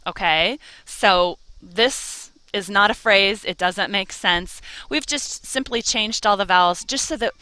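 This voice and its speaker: A woman's voice: medium pitch, unhurried, hardly any pauses, bright, forceful tone, no room sound. A woman teaching a Spanish lesson, encouraging and carefully over-articulating each vowel. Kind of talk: slow, clear language lesson.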